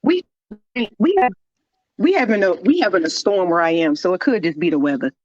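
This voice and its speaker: A woman's voice: lowish voice, animated, brisk, crowd noise. A woman calling in from home over the phone, delivering a heated, profane rant with lots of repetition. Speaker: caller. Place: at home during a storm. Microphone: phone call. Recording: dull lo-fi phone audio.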